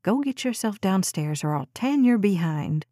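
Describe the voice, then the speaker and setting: An exasperated young mother, firm and scolding with a playful, teasing streak in a storybook reading, as a woman plays her. She talks at an ordinary middle pitch. The recording is dry and close. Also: animated, moderate pace, dark tone, no echo, close to an everyday voice. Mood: stern scolding.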